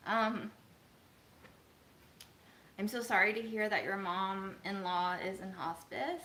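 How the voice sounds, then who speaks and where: A woman vlogging casually from her home kitchen, talking in a soft, reflective way with many pauses and ums. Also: medium pitch. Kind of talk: casual livestream chat. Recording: roomy echo.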